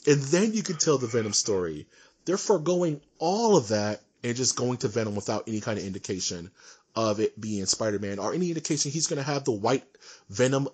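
A man co-hosting a casual podcast, ranting in an animated, emphatic way. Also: medium pitch, breathy edge. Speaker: podcast co-host. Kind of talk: casual chat.

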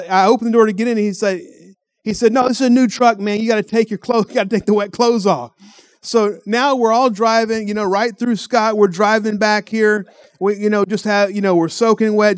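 A man's voice: high voice, clear, resonant tone, no room sound. A middle-aged man with a Texan accent telling a folksy, rambling story in a sermon, often repeating his words. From Texas. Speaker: pastor.

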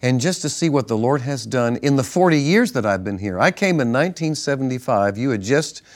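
A man, a pastor, co-hosting a ministry broadcast, telling stories in a relaxed way with restarts and chuckles. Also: mid-range voice, fairly quick. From northern United States. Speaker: pastor and co-host. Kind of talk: casual ministry broadcast chat.

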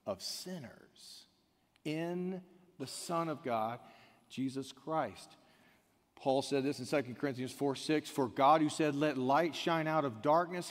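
Preaching man in a reverberant hall. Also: medium pitch. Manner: swings from quiet and intimate to loud, shouted emphasis. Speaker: pastor. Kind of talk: sermon.

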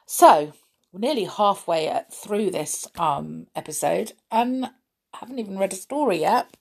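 A woman reading a children's chapter book aloud in an unhurried, chatty way. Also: medium pitch, lively intonation, vocal fry, slightly rough. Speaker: storyteller.

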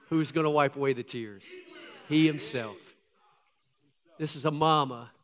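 A man preaching a sermon to his congregation, reading scripture aloud and swinging between loud, emphatic lines and hushed ones. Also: medium pitch. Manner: addresses congregation directly as folks. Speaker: pastor. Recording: long hall reverb.

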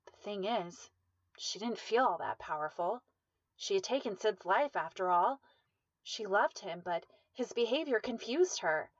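A woman reading a dramatic story aloud in steady, measured narration. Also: medium pitch, dry recording, lo-fi sound.

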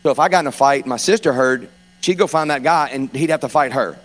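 A man in his forties from South Louisiana with a South Louisiana accent, preaching an informal, joking sermon as a guest preacher and clearing his throat often. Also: mid-range voice, quick pace. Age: 40s.

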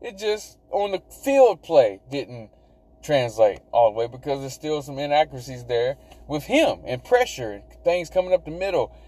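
A man's voice: a little high, very animated, moderate pace, dark tone, rough recording. A man hosting a sports podcast, talking casually and animatedly, rambling, repeating himself and swearing as he goes. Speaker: podcast host.

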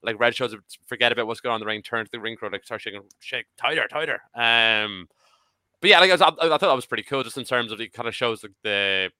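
A man of about thirty chatting as a podcast panelist, excitable and swearing casually. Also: mid-range voice, quick pace, clear, resonant tone, dry recording. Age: 30s. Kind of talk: casual chat.

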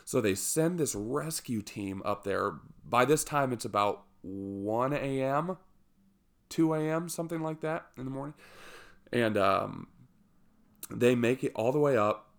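A man telling a personal story with humor, lively and self-mocking, with jokey asides. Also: mid-range voice, measured pace.

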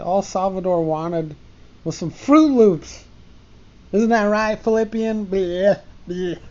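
A man's voice: sits high, a little mellow, muffled recording. A man talking to his pet ant in a casual, meandering stream-of-consciousness monologue, often breaking off and chuckling.

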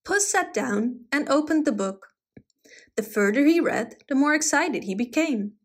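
A woman reading a children's storybook aloud in an expressive, animated manner. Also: sits high, unhurried.

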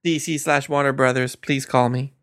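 A man co-hosting a podcast, casually chatting and teasing the others in quick bursts. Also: medium pitch, fairly even intonation, creaky, a bit bright, dry recording, clean studio sound. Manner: joking, teasing, rapid bursts. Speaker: podcast co-host. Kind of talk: casual chat.

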